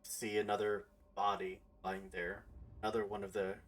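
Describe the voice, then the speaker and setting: A man with a fairly low voice narrates a tabletop horror game as its game master. He speaks hesitantly, full of fillers, and sounds a little distant from the microphone. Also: level tone, normal speed, fairly bright tone.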